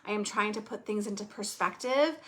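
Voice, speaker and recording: A woman's voice: mid-range voice, a little fast, a bit bright. A middle-aged woman hosting a podcast, chatting candidly and emotionally, rambling a little. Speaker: podcast host. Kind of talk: casual podcast chat.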